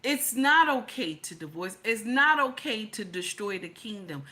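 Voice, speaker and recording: A woman's voice: medium pitch, animated, unhurried, sharp tone. A middle-aged woman hosting an opinionated livestream, blunt, profane and preachy, greeting her chat as she talks. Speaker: livestream host.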